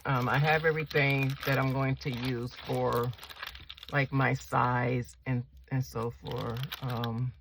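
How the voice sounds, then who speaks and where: A woman's voice: extremely low pitch, gravelly, background noise. A woman vlogger chatting casually while she decorates a planner spread at home, rambling and asking viewers questions. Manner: rambling, slow and relaxed.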